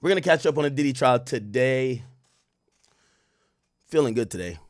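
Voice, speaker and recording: A man's voice: medium pitch, expressive, normal speed, no echo, clean studio sound. A young man hosting a casual livestream, talking loosely and reading out and answering his chat as it comes in. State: worried about losing his voice. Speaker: livestream host.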